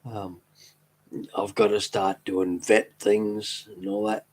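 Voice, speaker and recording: Slow-talking man. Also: lowish voice, little pitch movement. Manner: rambling, fond and easily amused. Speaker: streamer talking to chat. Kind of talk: casual live-stream chat.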